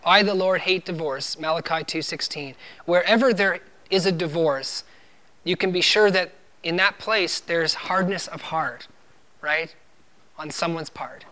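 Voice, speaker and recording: A man's voice: fairly high pitch, measured pace, bright, forceful tone. A man preaching a sermon as pastor, earnest and emphatic, driving points home with firm repeated refrains.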